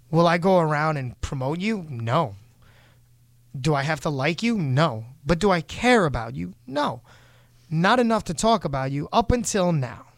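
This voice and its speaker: A man with a fairly high voice rants bluntly on a casual talk show, swearing as he vents. His speech is heated and straight to the point. The sound is dry and close, with no room around it. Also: no echo. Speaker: show host. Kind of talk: casual podcast rant.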